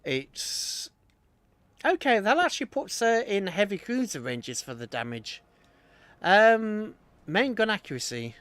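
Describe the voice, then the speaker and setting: Lively man commentating a game live. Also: high voice, unhurried, dry recording. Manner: chatty, reacting aloud to the battle. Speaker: streamer.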